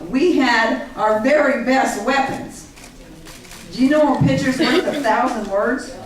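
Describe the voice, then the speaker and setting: A woman's voice: high voice, unhurried. Woman telling her story in an echoey hall. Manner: earnest, animated storytelling that acts out others' words. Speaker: speaker at a public gathering. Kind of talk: personal account told to a live audience. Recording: echoey hall from far off, faint hiss.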